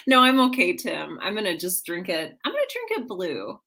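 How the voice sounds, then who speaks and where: A woman's voice: fairly low pitch, expressive, normal speed, pushed and bright. A woman hosting a casual livestream from home, chatting and greeting viewers by name one after another. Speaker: livestream host. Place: at home with her cat.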